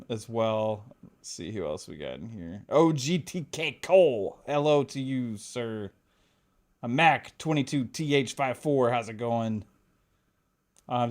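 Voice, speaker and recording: Picture a laid-back man hosting a podcast, chatting casually and cracking jokes. He laughs easily, and his pitch sits in the middle, neither high nor low. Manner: laughs often, reads chat shout-outs, joking. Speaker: podcast host.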